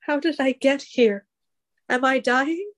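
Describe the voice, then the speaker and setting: A woman's voice: high voice, slow, a bit bright. Woman playing a flustered, polite teenage bard. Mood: anxious. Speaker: player.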